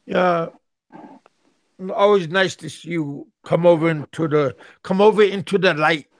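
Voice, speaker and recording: A middle-aged man hosting a casual live stream, chatting with callers in a halting way, often repeating his words. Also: a little high, dry recording. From USA. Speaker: streamer host.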